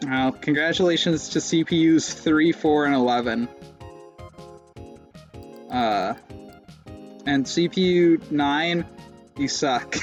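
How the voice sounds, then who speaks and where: A man's voice: a little high, slow pace, pauses often, highs cut off, faint music behind. A young man streaming live gameplay, rambling with self-mocking jokes and sudden yelps.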